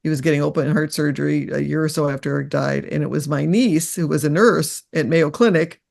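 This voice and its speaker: An older woman, a guest in an interview, telling personal stories in an earnest, reflective, halting way. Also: sits low, vocal fry, a little mellow.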